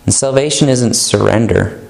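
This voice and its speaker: A man's voice: medium pitch, normal speed, creaky, a little mellow. A male pastor preaching a sermon in an earnest, emphatic manner, stretching out key words. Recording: echoey room.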